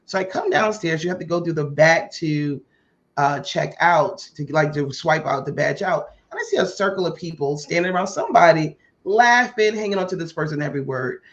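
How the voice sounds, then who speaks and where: A woman hosting a podcast tells a personal story in a casual way and acts out the dialogue with lively voices. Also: low voice, fairly quick. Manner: animated, acts out quoted dialogue. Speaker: podcast host. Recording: muffled lo-fi audio.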